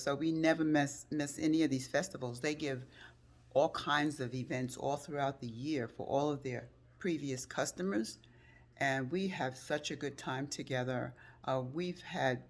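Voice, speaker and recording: An older woman telling a personal story in a vlog, her voice rising sharply as she re-enacts phone calls. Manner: emotional retelling, acts out phone calls in a high excited voice. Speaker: vlogger.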